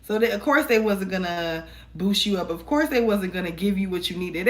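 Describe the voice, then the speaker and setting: Talking a little fast and hardly pausing, a woman with a medium-pitched voice does a chatty tarot reading recorded on her phone camera. She's encouraging and casual, calling her viewers y'all.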